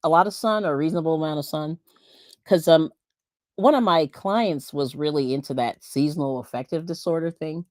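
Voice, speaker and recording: Low-voiced middle-aged lady from pennsylvania, chatty livestream host, laughs a lot, dry close sound. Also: fairly quick, a little mellow, dry recording. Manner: chatty, laughs often, rambling with restarts. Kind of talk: casual chat reading viewer comments.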